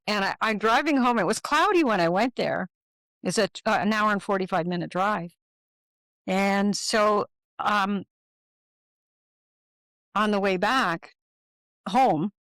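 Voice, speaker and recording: A woman's voice: on the low side, dry recording. Older woman telling her story, dry sound. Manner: animated storyteller, acts out quoted dialogue. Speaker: guest. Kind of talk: personal storytelling in a podcast interview.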